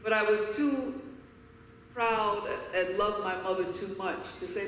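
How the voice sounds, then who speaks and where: Unhurried and mid-range, a woman from Harlem, New York, gives a keynote full of emphatic, candid personal stories. Slight background noise accompanies her voice, which comes from a distance in an echoey hall.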